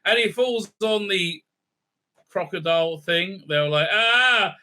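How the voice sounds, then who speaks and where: Speaking a little slowly in a high-pitched, pushed, bright voice, a man recaps and reviews a film for his channel. His style is casual, irreverent, and joking, loaded with swearing and "uh, uh" fillers.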